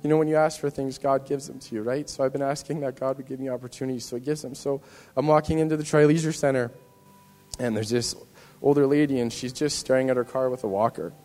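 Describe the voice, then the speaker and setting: A man's voice: medium pitch, fairly even intonation, fast talker, darkish tone, big-room sound. A man in a church giving an earnest, rambling personal testimony to the congregation, often restarting his sentences. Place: church hall.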